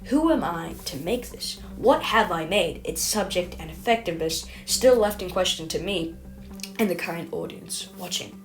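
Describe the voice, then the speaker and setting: A woman's voice: lowish voice, lively intonation, normal speed. Self-mocking woman reading a video essay. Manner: self-mocking, rambling, stumbles over words. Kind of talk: scripted commentary voice-over.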